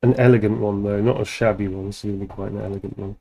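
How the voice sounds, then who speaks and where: A man's voice: lowish voice, fairly even intonation, very fast, creaky, warm tone. A man chatting casually on a livestream while signing autographs, playful and giggly, swearing freely.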